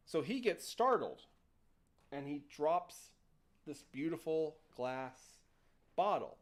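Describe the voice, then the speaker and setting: A man's voice: fairly high pitch, slow pace, pauses often. A man hosting a livestream, casually retelling a story and acting out the characters. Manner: animated, playful, acts out characters. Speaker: host.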